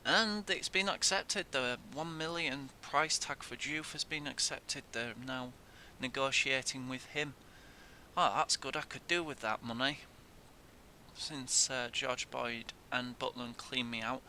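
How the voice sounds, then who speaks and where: A man's voice: measured pace, bright, forceful tone. A young man giving casual gameplay commentary, swearing in frustration at the game. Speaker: gaming YouTuber. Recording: faint noise and low rumble.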